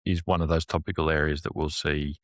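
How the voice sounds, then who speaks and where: A man's voice: a bass voice, level tone, fairly quick, no echo. A man who is a guest on a business chat, laying out his points analytically in long lists that build up.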